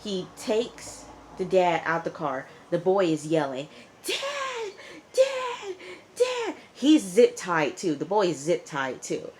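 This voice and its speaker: A woman with a notably low voice giving a chatty, casual TV episode recap. She fills her talk with "you know" and "like" and scolds the characters as if they could hear her. Faint noise sits under the voice. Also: unhurried, hardly any pauses, a little mellow. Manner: talks back to characters as she retells. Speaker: TV reviewer.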